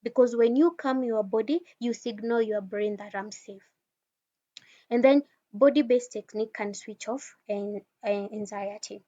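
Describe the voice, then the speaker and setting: A woman with a fairly high voice teaches calming techniques in a relaxed, conversational talk. She speaks right to the listener and often restarts her sentences. The recording sounds a little dull and lo-fi. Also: a little slow. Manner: conversational, addresses listener directly, frequent restarts. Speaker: wellness speaker.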